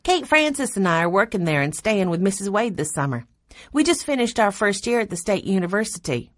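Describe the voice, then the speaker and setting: A woman's voice: mid-range voice, very animated, fairly quick, no room sound, clean studio sound, voice pushed up, close to an everyday voice. A woman voicing a friendly, upbeat young college student in a storybook reading.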